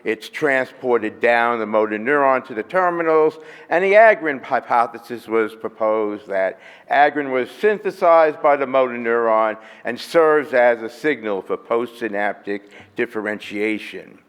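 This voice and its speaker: A man's voice: mid-range voice, expressive, unhurried, clear, resonant tone. A man giving a methodical, explanatory lecture at a medical conference, walking through his slides step by step. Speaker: physician presenting at a medical conference. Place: hotel conference room. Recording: reverberant conference hall.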